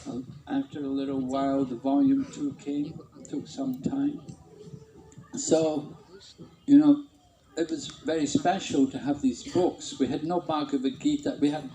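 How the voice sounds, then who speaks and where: A man's voice: medium pitch, reverberant, slight background noise, poor audio. A man casually reminiscing about his early temple days, often chuckling. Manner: warm-humored, chuckling, imitates others. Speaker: devotee reminiscing.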